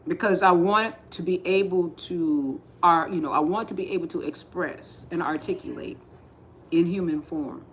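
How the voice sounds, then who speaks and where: A woman giving a slow, repetitive spiritual talk on a livestream, speaking with emphatic insistence. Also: fairly low pitch, slight background noise. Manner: rising to forceful insistence. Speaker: spiritual teacher.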